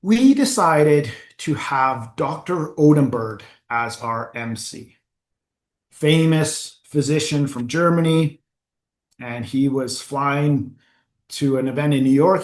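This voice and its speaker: A man giving a lively, anecdotal talk as a forum founder, laughing at his own stories and clearing his throat often. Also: mid-range voice, unhurried. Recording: echoey room.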